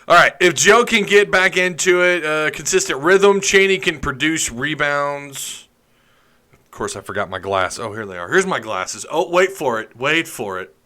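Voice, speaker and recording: Guy hosting a live stream, bright tense voice, jokey and sarcastic, rambling chat. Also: on the high side, lively intonation, moderate pace. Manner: joking, sarcastic, chatty. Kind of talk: casual live stream chat, reading comments.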